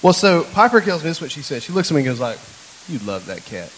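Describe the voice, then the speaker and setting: Chatty joking pastor preaching a sermon. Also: male voice, a little high, lively intonation, very fast, a bit bright, a little hiss or hum, low-quality recording. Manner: chatty, joking storyteller who talks to the congregation. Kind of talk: conversational sermon. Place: church.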